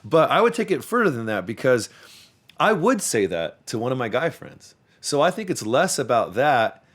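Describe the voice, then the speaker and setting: A man's voice: mid-range voice, very animated, normal speed, fairly bright tone, husky. A man hosting a podcast, talking in a rambling, profane casual chat and repeating words as he restarts his sentences. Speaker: podcast host; youth sports coach.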